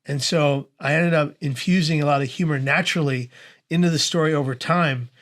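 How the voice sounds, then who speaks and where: A man in his forties with a slightly raised pitch, speaking as an interview guest. He tells his story in a lively, humorous way, laughs often, and acts out the voices of the people in it. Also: brisk. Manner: animated, humorous storyteller who laughs through his anecdotes.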